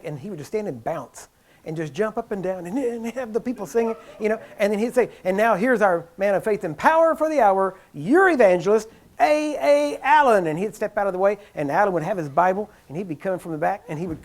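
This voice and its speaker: A male preacher telling stories in a sermon, laughing often and acting out the people he describes, getting louder as he goes. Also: high voice. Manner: grows louder and more excited as the story builds. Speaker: preacher teaching on healing. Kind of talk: storytelling sermon talk.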